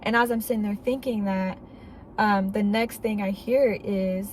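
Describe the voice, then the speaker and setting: A woman's voice: mid-range voice, steady tone, a little slow, darkish tone, slight background noise, poor audio. A woman vlogger telling a personal faith testimony, earnest and candid, speaking casually with fillers.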